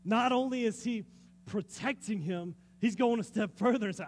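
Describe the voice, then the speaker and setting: Male pastor, high voice, chatty sermon delivery with rhetorical questions, faint hum behind. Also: normal speed. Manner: lively, conversational, asks the audience questions, laughs often.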